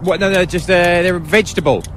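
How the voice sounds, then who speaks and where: A man's voice: sits high, steady tone, a little hiss or hum. A man co-hosting breakfast radio, joking and arguing. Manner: quick, argumentative joking. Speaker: radio co-host.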